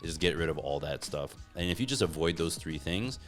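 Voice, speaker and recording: A man speaking as a podcast guest in casual interview chat, relaxed and full of "like" fillers. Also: rumbling low, fairly quick, soft background music. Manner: relaxed, filler-heavy talk with frequent "like". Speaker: podcast guest, gym co-founder.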